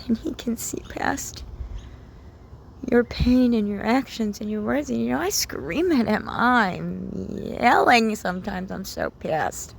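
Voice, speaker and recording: Woman talking spiritual stuff, gravelly and slow, goes soft and whispery, faint hiss behind. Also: a little high, expressive. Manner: intimate, emotional, drops to whispers. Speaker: spiritual content creator. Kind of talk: personal spiritual talk to camera.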